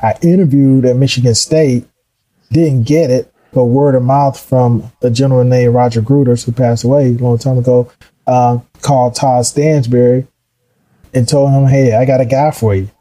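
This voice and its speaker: A middle-aged man telling his career story in a casual, animated way, acting out the voices of people he quotes. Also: medium pitch, normal speed, low-quality recording. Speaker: guest.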